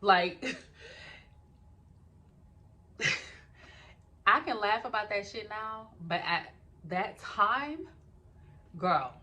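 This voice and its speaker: A young woman telling a personal story in a casual vlog, talking straight to her viewers, animated and swearing freely. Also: mid-range voice, extremely slow, long pauses.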